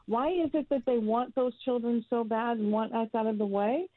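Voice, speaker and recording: A woman's voice: fairly high pitch, fairly even intonation, normal speed, dry recording. A woman in her fifties, a guest founder speaking earnestly and emphatically in an interview. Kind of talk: interview, advocacy talk. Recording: tinny phone-like line, dry.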